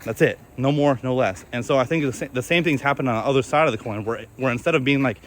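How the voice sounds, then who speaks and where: Young guy rambling flat and halting into his vlog, lots of restarts, plain middle voice. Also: mid-range voice, slight background noise. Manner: flat, halting, self-reflective talk with many restarts. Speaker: video creator. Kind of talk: candid personal vlog.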